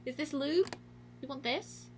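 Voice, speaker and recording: A woman's voice: high voice, a little slow, noisy background. A woman streaming a game, chatting casually with a giggly, self-mocking manner. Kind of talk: casual gameplay commentary.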